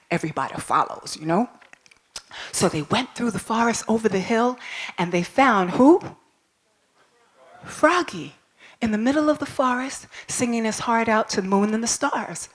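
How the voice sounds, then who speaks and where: A woman storyteller speaking live to an audience at a school ball, expressive and coaxing, asking listeners to repeat words after her. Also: medium pitch.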